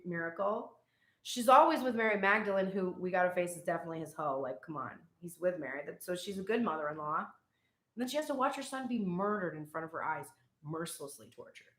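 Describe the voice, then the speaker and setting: A woman's voice: mid-range voice, a bit bright. A young woman reading tarot in a casual, irreverent and profane way, laughing as she tells stories. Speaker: tarot reader. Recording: echoey room.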